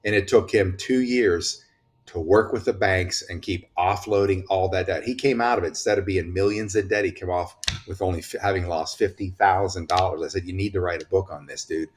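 A man's voice: low voice, fairly even intonation, moderate pace. A man talking in an impassioned, preachy way, issuing urgent warnings as a commentator. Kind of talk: impassioned political talk.

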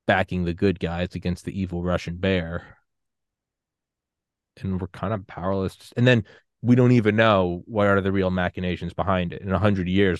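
Man, 30s, very low voice, dry sound, animated casual talk. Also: dry recording. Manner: animated, acts out quotes. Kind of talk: casual conversation.

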